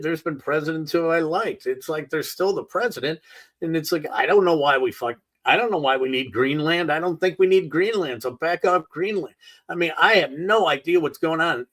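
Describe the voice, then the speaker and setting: A man's voice: on the high side, a bit bright, low-quality recording. A middle-aged man hosting a solo talk show, ranting in an exasperated, sarcastic and profane way. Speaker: podcast host. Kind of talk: opinionated solo rant.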